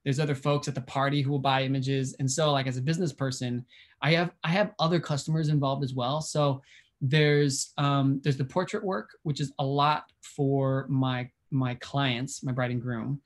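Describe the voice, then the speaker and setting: A man's voice: medium pitch, steady tone, moderate pace. Male guest on a video-call interview; casual, keen, chuckly, thinking aloud. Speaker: wedding and portrait photographer, guest.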